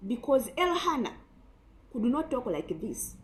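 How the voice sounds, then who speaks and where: A woman's voice: on the high side, very animated, unhurried, low-quality recording. A woman preacher giving an emphatic sermon full of rhetorical questions.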